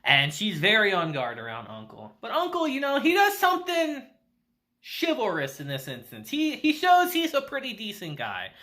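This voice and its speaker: A man recapping an anime episode in a loose, slangy way, breaking into laughs as he goes. His pitch swings widely and his tone is bright and sharp. He talks with excited, chatty energy. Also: normal speed. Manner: animated, laughing often, slangy. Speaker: anime reviewer. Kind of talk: casual video review.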